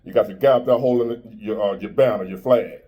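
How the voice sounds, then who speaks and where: Blunt motivational guy in his 50s, street talk, mellow dark voice. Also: fairly low pitch, a little fast. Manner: blunt, preachy, street-talking. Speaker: motivational speaker. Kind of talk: motivational monologue.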